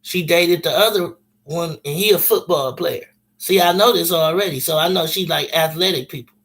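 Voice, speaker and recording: Man, casual storyteller, bright and forceful, blunt, profane street slang. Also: on the high side, moderate pace.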